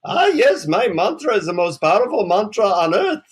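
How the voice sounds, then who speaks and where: A calm, wise Indian guru, as a man puts him on with an Indian accent. He speaks slowly and solemnly in a raised voice, as if giving instruction. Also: high-pitched, slightly rough, pitched above the performer's own voice, exaggerated voice.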